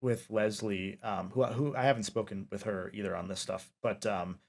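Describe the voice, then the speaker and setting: A man's voice: fairly low pitch, steady tone, normal speed, creaky. A man hosting a casual interview, talking at length with many fillers and restarts. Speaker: interviewer, podcast host.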